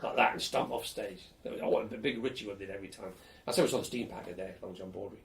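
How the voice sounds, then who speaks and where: An older man recounts his student years in an oral history interview. He talks in a lively, animated way and is blunt, swearing freely. His voice sits fairly low. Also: fast, gravelly, slight background noise.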